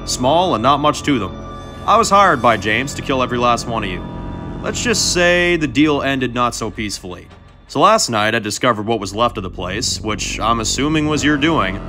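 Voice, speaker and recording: A man's voice: medium pitch, lively intonation, normal speed, music in the background, close to an everyday voice. Man doing Audrin, a taunting mercenary. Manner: drawling, mocking, calls people darling. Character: swaggering male mercenary with a chainsaw.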